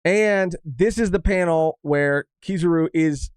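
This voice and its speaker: Animated man on a casual manga podcast. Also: a little high, a little slow, clear, resonant tone, dry recording. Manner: animated, swears casually, restarts often. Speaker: podcast co-host. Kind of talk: casual chat reviewing manga.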